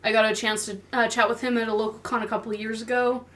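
A woman's voice: on the high side, level tone, a bit bright. A woman hosting a podcast, telling stories in a chatty, bubbly way. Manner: chatty storytelling, fast and bubbly. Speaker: podcast host. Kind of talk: casual chat.

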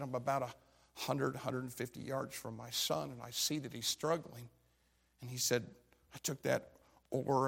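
A man preaching a sermon, retelling a story and quoting the people in it, his voice swinging from low and quiet to loud shouts. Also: creaky.

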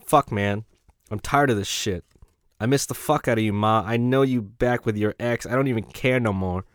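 A lovesick inmate pours out his heart in loud, profane street slang, as a man reads his letter aloud. The voice sits low and sounds dry and close. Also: normal speed, dry recording, close to an everyday voice. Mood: pleading.

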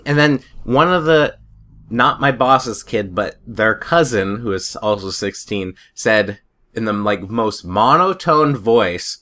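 A man's voice: on the low side, expressive, slow pace, bright, forceful tone. A man in a casual chat, telling rambling stories and chuckling often.

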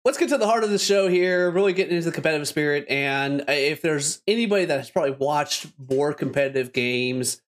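A man's voice: on the high side, lively intonation, fast, few pauses. A man hosting a casual podcast, upbeat and rambling, laughing often. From Canada. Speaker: podcast host.

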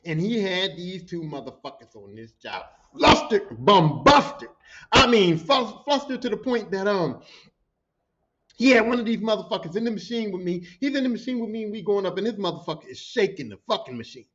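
A man hosting a podcast, telling work stories in a profane, animated way and acting out what people said. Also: high-pitched, moderate pace, dull audio. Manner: profane, animated, acts out quotes. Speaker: podcast host. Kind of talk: storytelling.

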